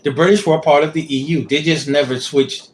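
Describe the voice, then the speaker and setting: A man's voice: fairly high pitch, fairly even intonation, a little fast, a little hiss or hum. A man chatting casually with his wife on a livestream, rambling and searching for words with many fillers. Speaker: co-host, husband.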